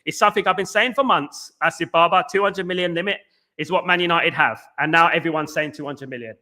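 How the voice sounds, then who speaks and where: A man hosting a casual football fan livestream, reading viewer comments and giving repeated shout-outs, with a Northern English accent. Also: on the high side, quick pace.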